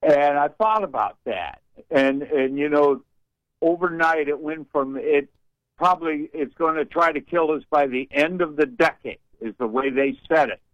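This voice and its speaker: An older man calls in to a talk radio show and rambles in a folksy way, sprinkling in colorful sayings. His voice is on the high side and moves at a moderate pace, with no echo. The phone line sounds muffled.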